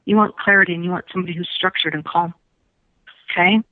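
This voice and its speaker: A woman's voice: lowish voice, steady tone, fast talker, no room sound. Emphatic woman psychic over a phone line. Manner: emphatic, repeats words, laughs often. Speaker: psychic guest. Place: phone call into radio studio.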